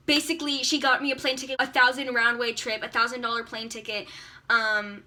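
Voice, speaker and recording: A teenage girl telling a storytime vlog to her camera, excitable and gushing, with lots of "like". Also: a little high, brisk. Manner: excitable, gushing, many likes. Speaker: vlogger.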